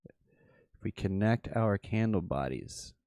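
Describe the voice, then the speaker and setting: A man hosts a livestreamed trading workshop. He thinks aloud at an unhurried pace in a lowish voice, often stopping to correct himself. His voice sounds close and dry, with no room around it. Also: expressive, mellow, smooth, dry recording. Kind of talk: livestream chart walkthrough.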